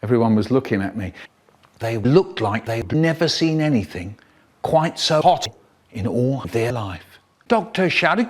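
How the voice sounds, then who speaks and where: A man telling comic stories in a theatrical, expressive way, spliced into a choppy cut-up edit with sudden vocal jumps. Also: mid-range voice, measured pace, breathy edge. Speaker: storyteller in a spliced comedy edit.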